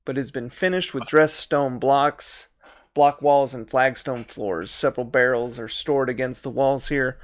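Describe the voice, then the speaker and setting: A man acting as dungeon master narrates a tabletop game from a live-stream home setup, describing scenes and laughing often between them. His mid-range voice is unhurried with fairly even intonation, in a dry recording.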